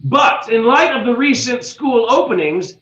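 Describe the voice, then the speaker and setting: A man hosting a comedic news segment, setting up punchlines dryly and deliberately. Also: very high voice, sing-song, a bit bright. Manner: dry, deliberate punchline delivery. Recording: roomy, dull recording.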